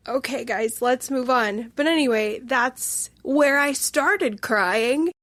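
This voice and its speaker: A woman's voice: a little high, takes it slowly, hardly any pauses, a bit bright, dry recording. A woman hosting a solo podcast, talking through a film review in an emotional, gushing and candid way. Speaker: instructor.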